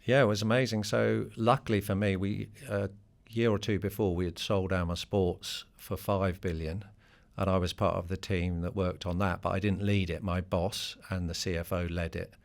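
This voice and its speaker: Deep, gravelly businessman. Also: level tone, moderate pace. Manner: straightforward, conversational with many fillers. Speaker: business leader guest. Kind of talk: podcast interview.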